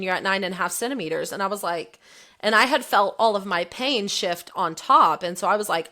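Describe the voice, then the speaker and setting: A woman's voice: mid-range voice, a little fast. A woman in her thirties, a podcast guest, candidly telling a personal story and acting out the quoted lines. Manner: candid, animated retelling, voicing the quotes.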